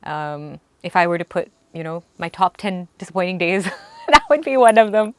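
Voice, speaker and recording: A young woman singer recalling a story in earnest, halting speech with frequent restarts. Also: fairly low pitch, expressive, no room sound. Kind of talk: storytelling interview recollection.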